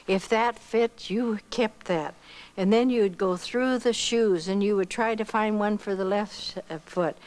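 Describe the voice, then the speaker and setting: An older woman from Iowa giving a missionary testimony, telling her story with lively acted-out dialogue. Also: mid-range voice, measured pace, rough recording. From Iowa, United States. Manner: animated storyteller who acts out quoted dialogue.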